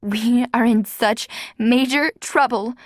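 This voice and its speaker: A woman reading an audiobook voices a spoiled, whiny teenage girl who complains in a shrill voice. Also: slow pace, no room sound, clean studio sound. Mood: panicked whiny.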